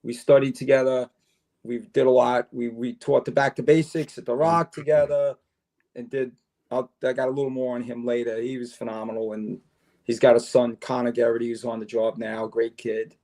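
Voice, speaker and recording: Older New man, gravelly, mid-pitched, animated storyteller. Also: moderate pace. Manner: animated storyteller, acts out dialogue. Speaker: podcast guest, retired fire chief. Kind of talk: casual storytelling interview.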